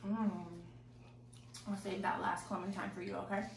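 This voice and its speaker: A woman's voice: medium pitch, little pitch movement, normal speed, gravelly, slight background noise. A young woman talking baby talk to a pet chimp at bath time, sing-song and coaxing. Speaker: animal keeper vlogger. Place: bathtub, indoors. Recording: echoey room, distant mic.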